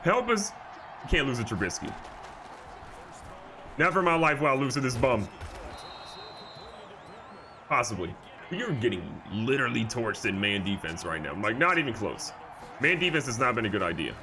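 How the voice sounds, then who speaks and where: A man giving excitable, jokey live commentary over a football video game, moving from calm play calling to loud outbursts. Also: medium pitch, moderate pace, long pauses, background noise. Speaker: gaming YouTuber.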